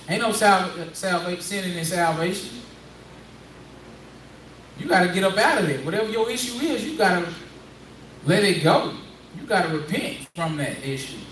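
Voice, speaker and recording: A man's voice: high voice, sharp tone, a little hiss or hum. A man preaching in a conversational call-and-response style, prodding a reader through a Bible passage and repeating his points. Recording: echoey room, distant mic, faint ambience.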